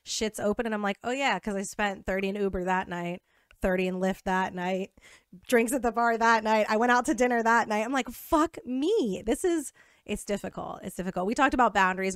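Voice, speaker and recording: A woman's voice: medium pitch, steady tone, fairly quick, clean tone, no room sound, clean studio sound. A young woman co-hosting a podcast in casual chat, joking, teasing herself and swearing freely. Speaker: podcast co-host.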